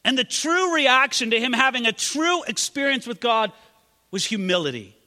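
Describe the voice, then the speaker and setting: A man's voice: extremely high pitch, very animated, moderate pace, bright, forceful tone, in a large hall. A man preaching a sermon, dramatically acting out quoted prayers in a raised voice. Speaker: pastor.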